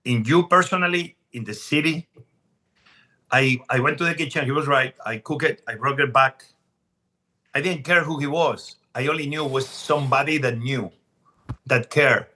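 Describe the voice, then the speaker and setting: A man, a chef appearing as a podcast guest, telling stories in an animated, emphatic way and often restarting his sentences. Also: mid-range voice, normal speed. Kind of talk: casual podcast storytelling.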